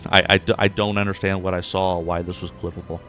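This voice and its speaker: Low-voiced guy rambling to his stream chat, lots of ums, faint music in the background. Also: little pitch movement, quick pace, fairly bright tone. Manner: rambling, many fillers and restarts. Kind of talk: casual chat to stream viewers.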